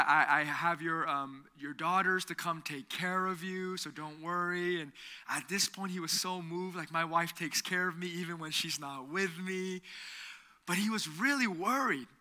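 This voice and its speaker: Bright-voiced man preaching a sermon. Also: on the high side, animated, a little slow. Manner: storytelling, building to loud emphasis then dropping to a hushed near-whisper. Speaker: pastor. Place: church sanctuary.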